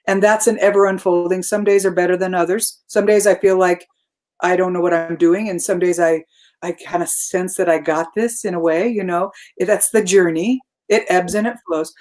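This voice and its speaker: A woman guest in a casual conversation, reflective, turning animated in her quoted asides. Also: fairly low pitch, moderate pace.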